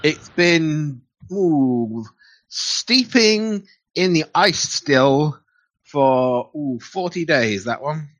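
A man voicing a tall, broad Scandinavian landlady with a thick put-on accent, speaking low and slowly. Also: expressive, fairly bright tone, no room sound, full character voice. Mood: welcoming.

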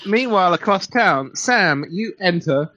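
A man's voice: sits high, lively intonation, measured pace, sharp tone. Playful man running a tabletop game. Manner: playful, with fillers and restarts. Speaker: game master. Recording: dull lo-fi recording.

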